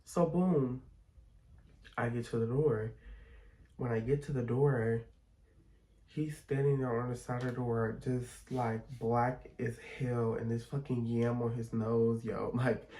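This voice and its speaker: A man's voice: mid-range voice, steady tone, takes it slowly, warm tone, low-quality recording. A young man chatting casually and expressively as he tells a storytime while doing his makeup, with frank, profanity-laced gossip. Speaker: vlogger.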